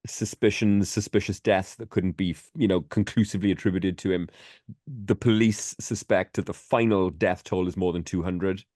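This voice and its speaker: A man with a very low voice co-hosts a casual podcast, rambling along with plenty of fillers and the odd swear word. The recording is dry and close, with no room sound. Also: darkish tone, no echo. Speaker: podcast co-host.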